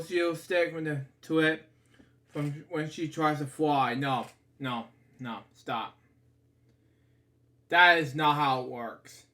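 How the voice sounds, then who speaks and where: In a fairly high, bright, forceful voice, a man reads a picture book for kids without much formality. He frequently stumbles, stops to add comments, and apologizes to his audience.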